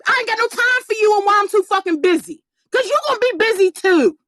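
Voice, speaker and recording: Very high-voiced woman ranting bluntly. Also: animated, fast talker, no room sound. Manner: blunt, profane and preachy, with emphatic shouting. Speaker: motivational live-streamer. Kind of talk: profane motivational rant on a live stream.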